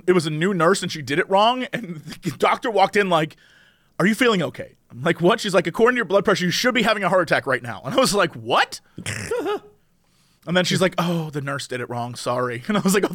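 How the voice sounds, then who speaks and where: A young man co-hosting a casual podcast, telling comic stories and doing quick impressions of the people he quotes. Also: high-pitched, bright, forceful tone, no echo. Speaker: podcast co-host.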